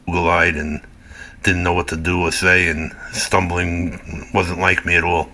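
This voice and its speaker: Man, low flat delivery, halting, bright tone, faint room noise. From Brooklyn, New York. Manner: halting, with frequent fillers. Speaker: interview subject in an animated story clip. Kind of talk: personal recollection.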